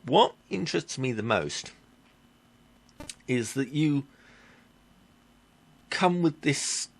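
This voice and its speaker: In a tech vlog, a man with a mid-range, animated voice rants bluntly and with exasperation. He swears casually and keeps correcting himself, his delivery halting and full of fillers.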